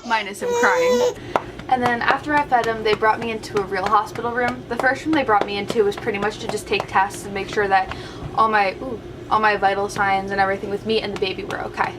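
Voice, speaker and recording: A woman's voice: medium pitch, fairly even intonation, fast talker, background noise. Chatty young woman vlogger. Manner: chatty, heavy use of "like", retelling with quoted voices. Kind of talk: casual storytelling to camera.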